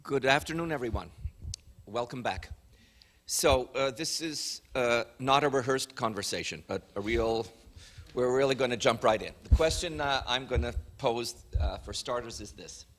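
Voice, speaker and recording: A man's voice: mid-range voice, moderate pace, a bit bright. A man moderates a conference panel. He welcomes the audience and poses his questions directly.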